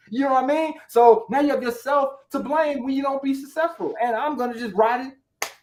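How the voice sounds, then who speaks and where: A man as a podcast guest, giving animated, emphatic motivational talk about network marketing, with slangy street phrasing and lots of catchphrases. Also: very high-pitched, moderate pace, a little hiss or hum. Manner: animated, emphatic, acts out quotes in other voices.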